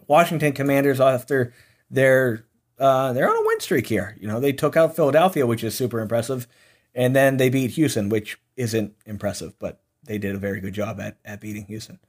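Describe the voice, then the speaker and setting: A man's voice: mid-range voice, animated, brisk. A young man hosting a sports podcast, running through football picks in a casual, opinionated way that sometimes turns into ranting. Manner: opinionated, ranting, laughs at own jokes. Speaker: podcast host. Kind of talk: casual sports betting chat.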